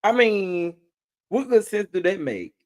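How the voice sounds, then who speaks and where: Male commentary host, lively swinging pitch, incredulous and amused. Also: unhurried. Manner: incredulous and amused, laughing often. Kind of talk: reaction commentary.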